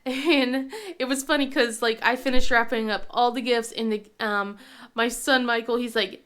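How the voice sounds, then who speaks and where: A woman's voice: fairly high pitch, fairly even intonation, moderate pace, a bit bright, clean tone. A woman in her thirties, sick with a cold, chatting casually as a crafting vlogger, laughing often and acting out her kids' voices. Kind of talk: casual chat.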